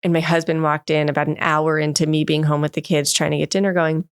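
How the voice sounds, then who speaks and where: A woman in her thirties, a guest expert, telling stories in an animated way in a podcast interview and acting out the voices she quotes. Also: sits low, quick pace, clear, resonant tone, no room sound, clean studio sound. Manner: animated storyteller who acts out quoted voices. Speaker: guest expert on emotional development.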